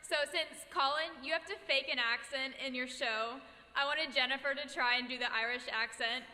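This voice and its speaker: A woman's voice: high voice, normal speed, pushed and bright. A woman in the audience asking a polite question at a panel, a little nervous. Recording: echoey convention hall.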